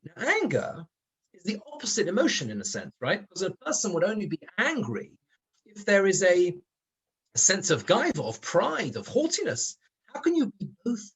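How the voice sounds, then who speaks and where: A man's voice: sits high, a bit bright, slightly rough. A man, a rabbi, giving a Torah lesson in an explanatory way, stressing his points. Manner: explanatory, rises and falls with emphasis. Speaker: rabbi teaching a weekly Torah class.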